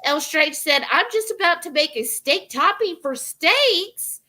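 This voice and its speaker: A woman's voice: extremely high pitch, expressive, unhurried, bright, forceful tone. A woman hosting a live cooking stream, casually reading out viewer comments and greeting each viewer by name. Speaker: cooking livestream host reading chat.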